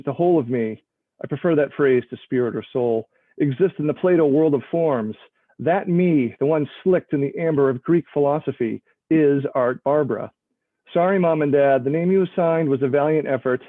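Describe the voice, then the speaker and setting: A man's voice: a little high, no echo. Man reading aloud over a tinny call line. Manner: self-deprecating, laughs between remarks. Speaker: author reading his work. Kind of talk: live reading of a novel over a video call. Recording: tinny phone-like line, dry.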